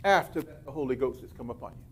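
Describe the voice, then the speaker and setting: A male pastor preaching a sermon, reading scripture and breaking off into lively asides. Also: medium pitch, fast talker, slight background noise.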